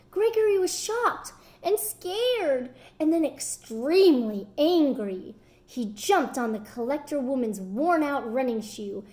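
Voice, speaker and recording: A woman reading a picture book aloud to children in an animated way, stopping to ask them questions. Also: high voice.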